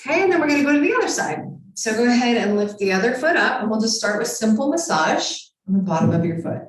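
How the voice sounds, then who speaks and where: A woman leads a yoga lesson in a calm, encouraging voice, cueing each movement step by step. She sounds some way from the microphone. A strong echo hangs around her in the room. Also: on the high side, quick pace. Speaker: yoga teacher. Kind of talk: guided yoga instruction. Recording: very echoey room, far from mic.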